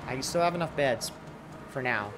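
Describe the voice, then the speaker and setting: A man's voice: medium pitch, lively intonation, brisk. A man commentating his own gameplay casually, groaning and mocking himself over his mistakes. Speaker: gaming streamer. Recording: loud background noise and clicks.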